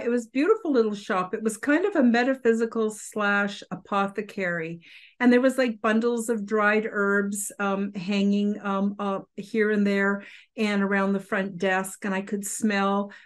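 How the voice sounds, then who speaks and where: A woman's voice: mid-range voice, measured pace. A woman hosting a podcast who tells a personal story in a rambling, effusive way, with many fillers. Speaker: podcast host.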